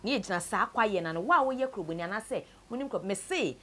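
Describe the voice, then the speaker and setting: A Ghanaian woman telling a sad story from her own life, mixing Twi and English, her voice often sinking low and quiet. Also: expressive, rapid-fire. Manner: tells a sad story, switches between Twi and English, voice sinks low and soft. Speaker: interviewee. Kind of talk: personal story told to camera.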